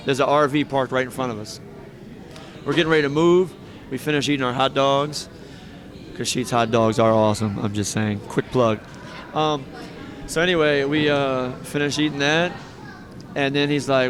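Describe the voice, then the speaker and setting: A man's voice: medium pitch, steady tone, moderate pace, a crowd in the background. A man, a professional wrestler, telling rambling, heartfelt stories with laughs between them in a casual interview.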